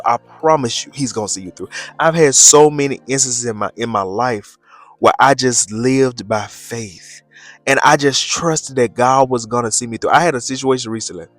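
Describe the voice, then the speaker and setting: A young man, talking loosely in a casual vlog and reflecting on faith with preacher-like emphasis. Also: medium pitch. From Birmingham, Alabama, USA. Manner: loose and chatty, repeats phrases, preacher-like emphasis. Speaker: faith vlogger.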